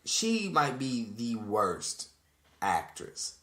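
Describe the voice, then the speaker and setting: A man's voice: medium pitch, wildly swooping pitch, drawn-out words, a bit bright, roomy sound. A man co-hosting a podcast, talking in casual, profane banter and acting out quotes. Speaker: podcast co-host. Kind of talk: casual chat.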